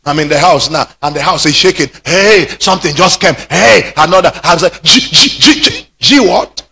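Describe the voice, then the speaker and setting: High, lively shouting pastor. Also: male voice, normal speed, vocal fry, slight background noise. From Nigeria. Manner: preaching with shouted peaks. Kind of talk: sermon.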